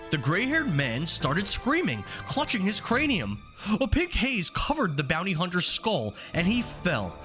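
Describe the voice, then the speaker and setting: A man reading a dramatic story passage aloud. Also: sits high. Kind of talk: dramatic read narration.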